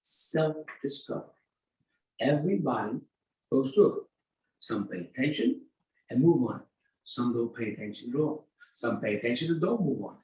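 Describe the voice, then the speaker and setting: An older man, a rabbi teaching an informal Torah class, telling stories and acting out dialogue in an animated way. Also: mid-range voice, normal speed. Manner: animated storytelling, acts out dialogue. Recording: echoey room, mic at a distance.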